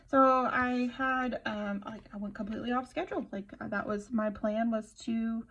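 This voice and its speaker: A woman's voice: fairly high pitch, steady tone, moderate pace, a bit bright, poor audio. A young woman casually chatting and telling a rambling story while decorating her planner at home, full of fillers and self-interruptions. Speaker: planner vlogger.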